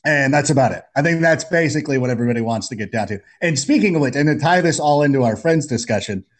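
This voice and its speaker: A man chatting as a podcast guest, telling jokey stories in an animated way. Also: mid-range voice, fast. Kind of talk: casual storytelling chat.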